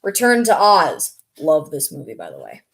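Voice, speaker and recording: Chatty excitable woman on a casual stream, reading chat and laughing a lot. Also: sits low, normal speed, vocal fry, slight background noise.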